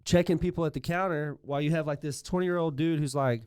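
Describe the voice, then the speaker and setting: A man chats casually as a podcast co-host. He rambles and restarts his sentences often. His voice is smooth and clear, and the recording is dry. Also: a little high, fast, darkish tone, dry recording. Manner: rambling, lots of likes and restarts. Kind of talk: casual chat.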